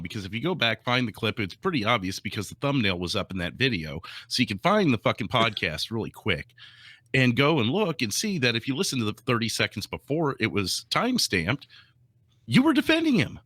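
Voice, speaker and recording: A man's voice: mid-range voice, a little fast, no room sound. A man co-hosting a live podcast, arguing his point in a heated, worked-up way. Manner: heated, animated, argumentative. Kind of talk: casual live-stream talk.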